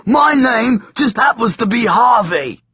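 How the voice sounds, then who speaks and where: Man doing a hulking demon-ridden madman, high strained yells, husky edge, muffled recording. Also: expressive, measured pace, dry recording, exaggerated voice. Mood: mocking. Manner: bellowing threats, then sly and teasing. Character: huge demon-possessed madman, savage then mocking. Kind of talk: audiobook character voice.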